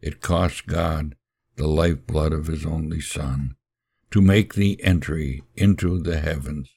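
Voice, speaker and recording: A male podcast preacher tells a sermon story in a solemn, measured way. His voice sits extremely low with a gravelly edge, and his pace is slow and deliberate. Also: fairly even intonation, darkish tone.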